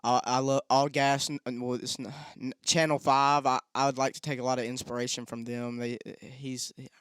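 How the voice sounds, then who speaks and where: Rambling young man, smooth voice. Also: medium pitch, flat delivery, normal speed, a bit bright, no room sound, studio quality. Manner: rambling, swears a lot, frequent restarts. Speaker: podcast co-host. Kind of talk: casual storytelling chat.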